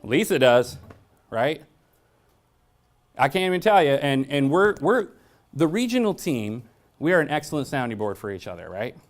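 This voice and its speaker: A blunt, joking man giving a staff training talk. His pitch swings in a lively way as he tells stories. He keeps asking the audience questions. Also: moderate pace, pauses often. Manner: asks the audience frequent questions. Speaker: workshop presenter.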